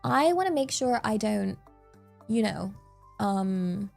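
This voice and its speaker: A woman's voice: mid-range voice, lively intonation, takes it slowly, vocal fry, faint music behind. A woman with an English accent, chatting casually as a streamer, rambling and playful with lots of fillers. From England. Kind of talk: casual chat.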